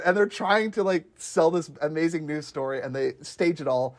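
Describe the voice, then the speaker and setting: A man's voice: moderate pace, hardly any pauses. A man chatting casually about favorite episodes of a comedy series, enthusiastic, laughing often and acting out scenes. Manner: enthusiastic, laughing, acts out scenes in high voices. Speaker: show reviewer. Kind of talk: casual chat.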